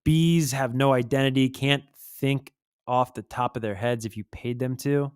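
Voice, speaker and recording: A man's voice: mid-range voice, steady tone, normal speed, smooth, dry recording, studio quality. A man hosting a casual music livestream, reading posts aloud and adding wry asides.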